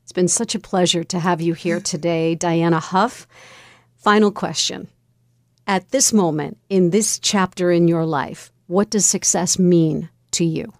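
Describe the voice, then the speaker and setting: A woman hosts a broadcast interview, asking measured and encouraging questions. Her voice sits a little low and comes across close and dry. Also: steady tone, no echo. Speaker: interview host.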